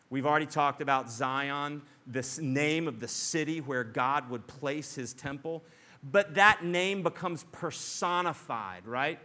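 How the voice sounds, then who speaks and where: A middle-aged male pastor preaching a sermon in an animated, conversational way, acting out the voices he quotes. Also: fairly high pitch, measured pace.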